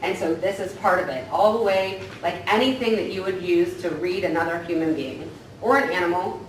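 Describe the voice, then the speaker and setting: In a staff training, the woman counselor talks in a lowish voice at a fairly quick clip, keeping the lecture casual. She often adds "right?" to check in, and the recording is distant and echoey with faint noise.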